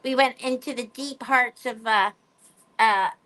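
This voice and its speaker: A woman's voice: on the high side, unhurried, sharp tone. A woman chatting casually to her pet birds and her viewers in a playful, rambling way. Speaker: pet bird vlogger.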